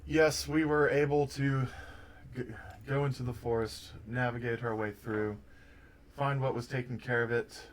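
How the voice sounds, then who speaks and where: A man's voice: mid-range voice, steady tone, normal speed, a little hiss or hum, poor audio. A man as a player in a tabletop game, describing his character's actions in a plain, matter-of-fact way. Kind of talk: tabletop role-play.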